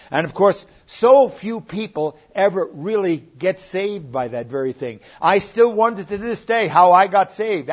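An older man delivers a sermon in a plain, earnest way, his voice sitting a bit high for a man. He now and then swells louder to press a point. The recording is muffled and lo-fi. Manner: earnest, plainspoken preaching with sudden rises in loudness. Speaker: pastor. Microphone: online sermon recording.

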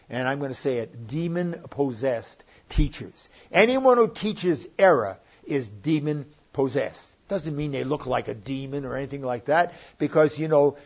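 An older man preaching a sermon, earnest and rising and falling in volume as he quotes scripture. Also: fairly high pitch. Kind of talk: sermon teaching. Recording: dull lo-fi recording.

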